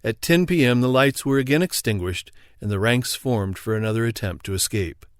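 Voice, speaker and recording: A man narrating an audiobook in a steady, even storytelling read. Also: mid-range voice, a little fast, no room sound, clean studio sound. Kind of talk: scripted narration.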